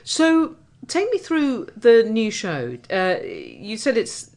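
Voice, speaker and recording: A woman's voice: on the high side, wildly swooping pitch, slow pace, gravelly, a little mellow. A woman hosting a casual interview, asking questions and laughing along with her guest. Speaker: host.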